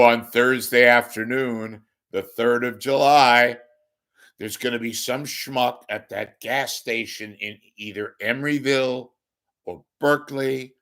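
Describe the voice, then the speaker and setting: A hoarse man delivering a sarcastic ranting monologue as a commentator. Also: mid-range voice, measured pace, fairly bright tone.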